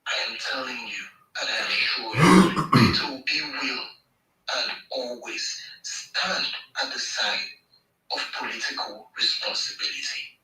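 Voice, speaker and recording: A man's voice: mid-range voice, animated, a little slow, pushed and bright, reverberant, recorded from a distance, low-quality recording. A Nigerian man giving an impassioned, emphatic political speech on a live audio space, hammering points home with repetition. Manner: emphatic, repeats phrases for effect.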